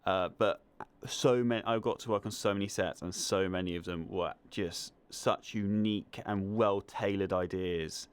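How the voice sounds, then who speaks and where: A young man with a Southern English accent, speaking in a low, smooth and resonant voice. He is an interview guest and tells his stories with lively enthusiasm in a relaxed, casual way. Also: moderate pace, hardly any pauses. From England. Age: young adult. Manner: enthusiastic, animated storyteller. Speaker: guest, film student.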